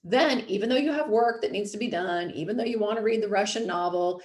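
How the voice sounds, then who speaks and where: A woman's voice: medium pitch, a little fast, darkish tone, echoey room. A woman in her thirties, host and coach, talking casually and filling her speech with "like" and "you know". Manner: chatty, frequent "like" and "you know". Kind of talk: casual podcast talk.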